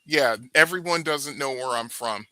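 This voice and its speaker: A man co-hosts a casual livestream with a very bright, forceful tone. He is agreeable and drops in lots of quick short replies. His voice is dry and close to the mic. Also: mid-range voice, no room sound. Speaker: co-host.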